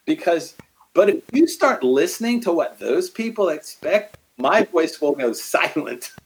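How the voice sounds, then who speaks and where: A middle-aged man in a casual faith conversation, animated, acting out quotes as he tells stories. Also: a little high, a little slow, slightly rough, low-quality recording.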